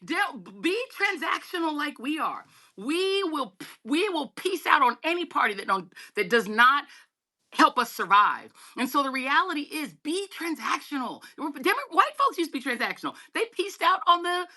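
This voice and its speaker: Animated, bright-voiced woman. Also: moderate pace. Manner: emphatic, swings pitch widely, talks to listeners as y'all. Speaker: guest journalist. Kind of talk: animated political conversation.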